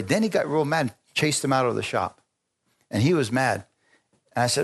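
A man preaching a sermon, telling stories with lively energy, stopping often to restart phrases and calling for amens. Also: medium pitch, moderate pace, pauses often, slightly rough. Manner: animated storytelling with frequent restarts and calls for amen.

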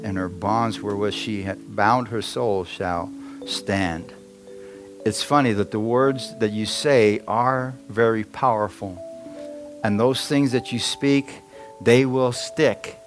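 Conversational man preaching a sermon. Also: mid-range voice. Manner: conversational preaching, asks the congregation frequent questions. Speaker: pastor.

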